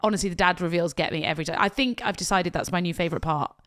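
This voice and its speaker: In a lowish, fairly bright voice at rapid-fire speed, a woman who plans weddings co-hosts a casual podcast. She's a chatty storyteller who laughs often and gets emotional.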